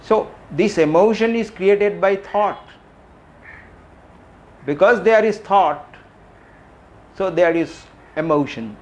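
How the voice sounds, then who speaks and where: A middle-aged man giving a reflective public talk, asking questions and repeating phrases with frequent pauses. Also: high voice. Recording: faint background noise.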